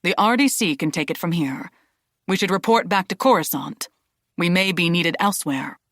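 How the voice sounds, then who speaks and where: A woman reading an audiobook, voicing a calm, level and gentle male master who reassures frightened refugees. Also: lowish voice, normal speed, no echo, studio quality, natural voice. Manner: calm, level, non-confrontational.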